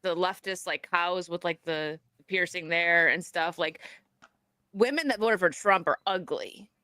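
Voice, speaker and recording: A woman's voice: on the low side, a little slow, pushed and bright, smooth, no room sound, studio quality. Outspoken woman livestream host. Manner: outspoken, laughs often, reads out donations. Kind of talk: casual political chat.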